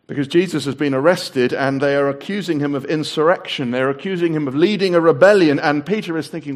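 A man preaching a sermon, acting out the voices in the story and dropping to a hushed, low voice for solemn points. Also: brisk. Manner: dramatic, acts out the voices in the story.

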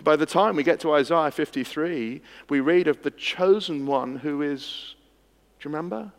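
A man preaching an expository sermon, swinging from hushed moments to emphatic ones. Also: on the high side, normal speed. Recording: long hall reverb.

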